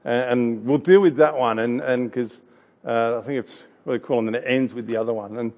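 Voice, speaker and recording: A man in his thirties giving a sermon, telling a family story in a chatty, halting way with restarts and the odd laugh. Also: medium pitch, darkish tone, in a large hall. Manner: laughs now and then while telling a story. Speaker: pastor.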